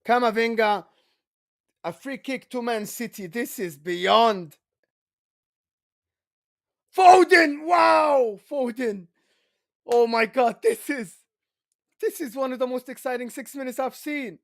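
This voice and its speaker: A man hosting a football watch-along, giving live commentary and yelling with excitement at the big moments. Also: very high-pitched, a little slow.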